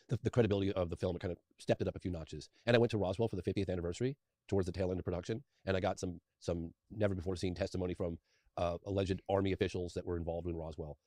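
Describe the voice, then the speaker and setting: A man's voice: low voice, dark tone, dry recording, studio quality. A man in his fifties, a documentary filmmaker, telling a long personal story as an interview guest in a rambling, eager way, often restarting his sentences. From England.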